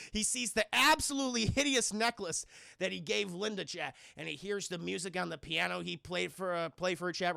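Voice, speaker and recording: Young male streamer, high gravelly voice, bright and excitable, profane casual recap delivery. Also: dry recording, clean studio sound. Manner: excitable and profane, keeps addressing the chat. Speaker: film reviewer and streamer. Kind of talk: casual scene-by-scene film recap to a live chat.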